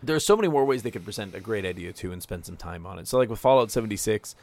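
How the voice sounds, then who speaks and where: A man co-hosting a podcast, joking around and tossing off sarcastic asides. His voice rises and falls a lot, with a gravelly texture. The sound is dry and close to the mic. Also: fairly low pitch, rapid-fire, dry recording. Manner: animated, jokey, sarcastic asides. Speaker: podcast co-host. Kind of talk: casual podcast chat.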